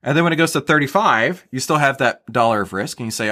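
Guest, male, mid-pitched, casual explainer who repeats words and keeps asking "right?". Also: expressive, fast talker, sharp tone. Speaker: guest, stock trader. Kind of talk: casual podcast interview.

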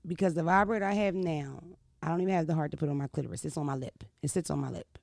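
A woman hosting a casual chat, telling stories in an animated, laughing and profane way. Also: sits low, fast talker, creaky, dry recording, clean studio sound. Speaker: podcast host.

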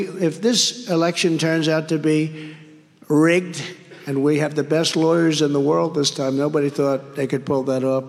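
A man's voice: on the high side, gravelly. Rambling man at a rally, echoing hall. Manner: rambling, repetitive, emphatic. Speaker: political candidate at a rally. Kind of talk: campaign rally speech. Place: large rally venue. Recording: long hall reverb.

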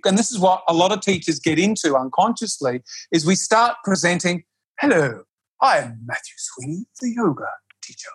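A man who teaches yoga, speaking in a relaxed conversation and often restarting his sentences or acting out quotes. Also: sits high, breathy edge. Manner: animated, with frequent restarts and acted-out quotes. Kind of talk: casual conversation.

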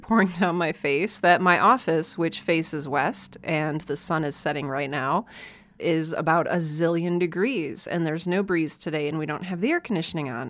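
Chatty low-voiced woman podcaster. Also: no room sound, clean studio sound. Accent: American Midwest. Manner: chatty, self-deprecating, laughs often. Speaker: podcast host. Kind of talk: casual solo podcast monologue. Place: hot home office. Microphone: desk mic.

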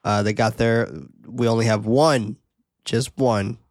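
A man hosting a podcast, recapping a horror film in a casual, profane, animated way. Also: medium pitch, measured pace, no room sound, clean studio sound. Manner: animated, profane, laughing often. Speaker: podcast host.

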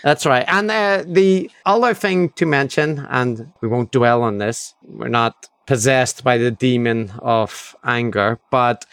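Man, podcast co-host, casual chat, wry and ironic, mid pitch, dry sound. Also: takes it slowly, hardly any pauses, fairly bright tone, clean tone, no room sound.

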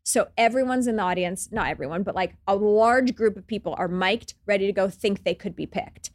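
A middle-aged woman, a guest on a podcast, chatting casually and telling stories with lively acted-out quotes. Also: medium pitch, a little fast. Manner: animated storytelling, acts out quotes. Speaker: guest, TV show creator and host.

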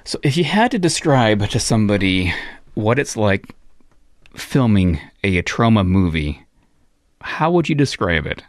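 A man hosting an interview, relaxed, giving short reactions and asking follow-up questions. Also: lowish voice, measured pace, no room sound, clean studio sound. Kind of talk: casual interview chat.

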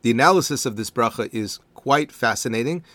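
A man giving a calm, deliberate spoken lesson on prayer, explaining each term with care. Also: medium pitch, no echo. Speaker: teacher.

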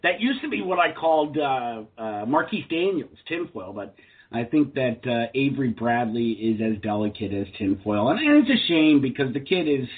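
A man's voice: medium pitch, animated, moderate pace. A man co-hosting a sports talk podcast, with a wry, joking manner. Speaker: podcast co-host. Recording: phone-like line.

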